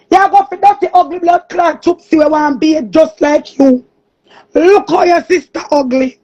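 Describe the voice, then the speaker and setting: Very high-voiced jamaican woman yelling and cursing, muffled lo-fi sound. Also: fairly even intonation, normal speed. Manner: loud, cursing, shouting. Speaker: streamer. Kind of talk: angry ranting monologue. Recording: muffled lo-fi recording.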